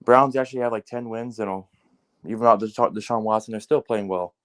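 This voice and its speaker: A man with a low-leaning voice talks fast through a heated, casual sports rant. It's profane and animated throughout, with frequent fillers like "like" and "man".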